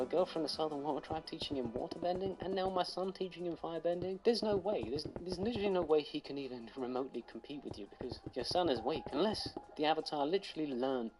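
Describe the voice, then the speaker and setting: A woman's voice: sits low, rough recording. A woman streamer wryly retelling a story in casual chat while gaming. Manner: chatty, wry, animated storytelling. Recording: background music.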